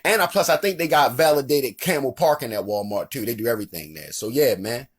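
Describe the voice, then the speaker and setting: A man's voice: medium pitch, expressive, brisk, husky. A man with a Baltimore accent telling comic stories in a profane, conversational monologue. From Baltimore, Maryland. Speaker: comedian. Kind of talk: comedic storytelling monologue.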